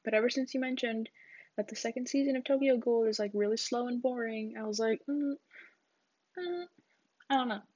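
A woman's voice: fairly high pitch, flat delivery, fast, darkish tone, no room sound. A young woman rambling in a casual solo chat, giggly and full of fillers, on a dull lo-fi recording. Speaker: podcast host.

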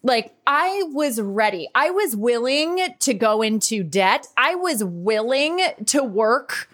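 A woman's voice: a little high, very animated, slow, fairly bright tone. A woman in her thirties, a life coach hosting a podcast, talking in a candid, chatty monologue and swearing freely. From New York. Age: 30s.

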